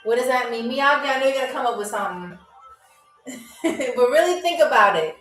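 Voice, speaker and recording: Playful high-voiced woman hosting a live game show. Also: a bit bright. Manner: playful, teasing, reads viewer comments aloud; says foreign phrases very slowly. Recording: roomy, mic at a distance, faint music.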